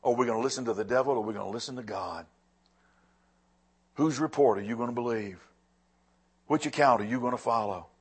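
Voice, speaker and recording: A man preaching a sermon as pastor, swinging between loud emphatic lines and hushed, quiet ones. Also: medium pitch, fairly quick, long pauses, husky.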